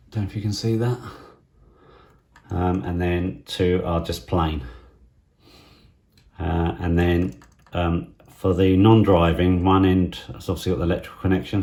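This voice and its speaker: A middle-aged man from England talks through a hobby unboxing at his workbench, musing aloud with halting fillers. His voice sits very low, with a gravelly fry and a dark, mellow tone, often dropping to a soft half-whisper. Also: level tone. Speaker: model railway vlogger. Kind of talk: casual hobby unboxing commentary.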